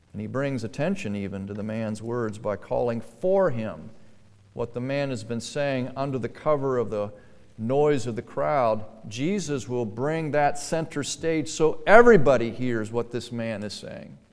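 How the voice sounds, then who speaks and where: A pastor preaches earnestly in a reverberant church hall, his mid-range, darkish, clean voice swelling and dropping for emphasis. He acts out pleading quotes as he addresses the congregation.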